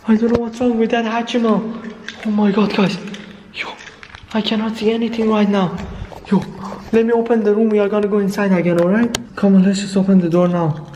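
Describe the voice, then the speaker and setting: A man's voice: high voice, a little mellow, slight background noise. A young man acting out a scripted horror skit for his vlog, panicking and repeating his exclamations. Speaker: vlogger.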